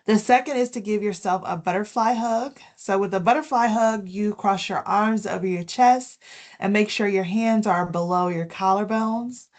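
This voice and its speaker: A woman giving a health education talk on self-care, explaining each tip in a gentle way with casual fillers like "um" and "you know". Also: medium pitch, normal speed. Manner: reads from prepared points, then explains in her own words. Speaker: wellness presenter.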